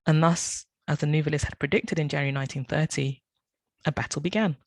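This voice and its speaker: A man's voice: a little high, steady tone, fast, no room sound, poor audio. A man reading a prepared academic talk, often stumbling and correcting himself. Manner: reads from notes, with frequent self-corrections and apologies. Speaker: academic speaker.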